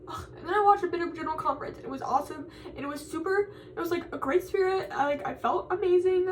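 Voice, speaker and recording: A young college woman vents to the camera, tearful and frustrated, circling back over the same complaints. Her voice sits very high. She sounds a little distant from the mic, with faint noise behind her. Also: quick pace. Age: young adult. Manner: frustrated, rambling, repeats herself. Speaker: college student vlogger. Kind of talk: venting to camera.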